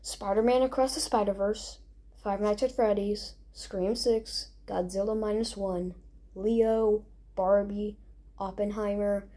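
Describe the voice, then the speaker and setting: A young woman hosting a casual countdown, excitable and rambling, recorded at home late at night. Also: mid-range voice, unhurried. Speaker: video host. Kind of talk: casual awards-style countdown.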